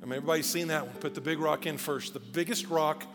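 A male pastor preaching a sermon in a conversational, animated way with casual asides, speaking. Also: a little high, quick pace. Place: church auditorium. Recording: long church hall reverb with faint music.

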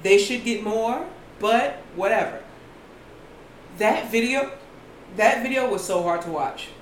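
Animated storytelling woman, echoey room. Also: on the high side, a little slow. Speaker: co-host. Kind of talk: casual commentary chat. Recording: echoey room with faint noise.

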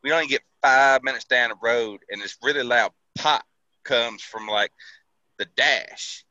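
A man's voice: mid-range voice, a little slow, sharp tone, no echo, highs cut off. A man casually telling a profane army story, laughing and acting out the people he quotes. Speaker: veteran telling army stories.

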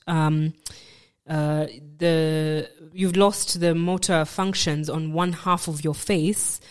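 A woman, a podcast guest, telling a personal story in a halting way, repeating words and acting out what others told her. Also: fairly low pitch, a little mellow, smooth.

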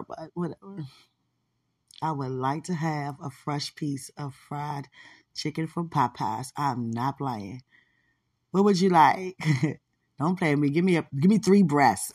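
A woman's voice: on the low side, creaky, breathy edge. A woman in casual, rambling chat, playful and affectionate, laughing often and talking aloud to God.

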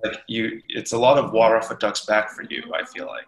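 A man chatting casually with his former coach, relaxed and loose, with lots of filler words. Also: lowish voice, fairly quick. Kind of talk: casual conversation. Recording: roomy echo.

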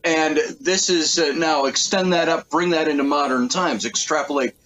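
A man who hosts his own show, talking politics on a panel in a passionate, ranting way and pushing his pitch up hard to make a point. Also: normal speed, few pauses, a bit bright, a little hiss or hum, poor audio. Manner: passionate, ranting, swings pitch up sharply for emphasis. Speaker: political commentator and radio show host. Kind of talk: heated political panel talk.

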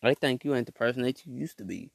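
A man's voice: mid-range voice, quick pace, gravelly, dry recording, studio quality. A man and father hosting a motivational monologue, emphatic and repetitive, in casual slang. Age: adult father. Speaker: podcast host.

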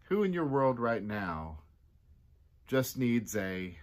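A man's voice: big pitch swings, takes it slowly, pauses often. A man who is a pastor, giving a casual devotional talk in a chatty way and acting out quotes with sudden jumps in his voice. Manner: chatty, acts out quotes with big pitch jumps.

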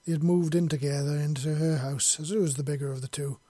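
A man reads his own long fantasy story aloud, rough around the edges, stumbling and correcting himself along the way. His voice sits fairly high and warm, with fairly even intonation and a fast pace. There's no room sound on the recording.

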